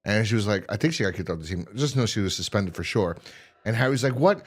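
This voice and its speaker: Low-voiced man recapping a show casually. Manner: rambling, profane, acts out characters' lines in quick voices. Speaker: podcast host reviewing a TV series.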